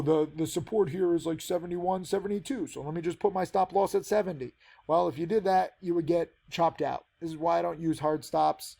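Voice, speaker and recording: A man's voice: a little high, gravelly, warm tone. A man teaching penny stock trading, giving a casual, rambling trade recap with many fillers.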